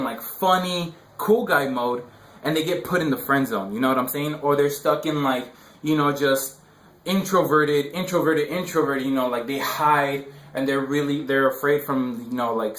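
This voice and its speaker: A man's voice: fairly high pitch, a bit bright. Rambling young man, roomy echo. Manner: rambling, filler-heavy slang. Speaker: dating advice vlogger. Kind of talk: casual advice monologue.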